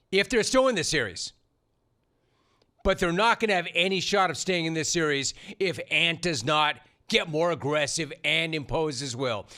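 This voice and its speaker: A man's voice: a little high, sharp tone. A middle-aged man hosting a sports talk show, delivering an opinionated monologue in a punchy, sarcastic way. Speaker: sports radio host.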